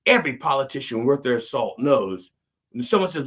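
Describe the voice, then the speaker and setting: A man's voice: medium pitch, sing-song, brisk. A man hosting a comedic sermon-style show, talking in a sardonic, rambling, digressive way. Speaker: host and preacher.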